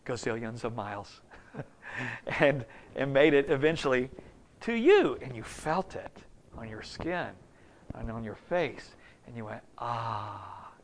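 Folksy gravelly preacher, hushed to loud. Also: male voice, mid-range voice. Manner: folksy, storytelling, swings between hushed and loud. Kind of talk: sermon.

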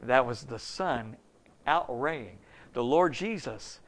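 A man in his fifties preaching a folksy, story-filled sermon, dropping to a hush and then rising loud and high. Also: big pitch swings, takes it slowly, creaky. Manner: folksy, storytelling, swings between hushed and loud.

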